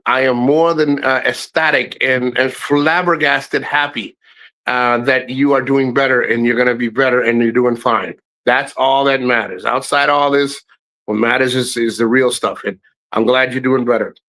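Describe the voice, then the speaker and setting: A middle-aged man hosting a live stream, telling profane family stories to his chat in a casual, animated way, his voice jumping high when he quotes people. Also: poor audio. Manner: animated, swearing, voice jumps high for quoted lines.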